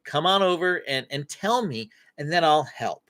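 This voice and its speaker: A woman's voice: deep voice, animated, moderate pace, a bit bright. A woman hosting a faith-based parenting Q&A live stream, acting out short parent-child dialogues as she teaches.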